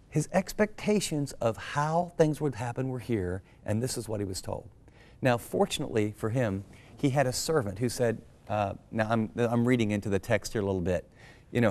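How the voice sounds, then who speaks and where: A middle-aged American man speaks as a pastor, teaching scripture in a conversational way. His delivery is earnest and animated. He drives his points home with direct questions to the listener. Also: mid-range voice, normal speed. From United States.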